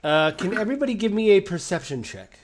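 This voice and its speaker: A man's voice: high-pitched, very animated, fast. A man narrating as game master of a tabletop game, casual and rambling, with many fillers.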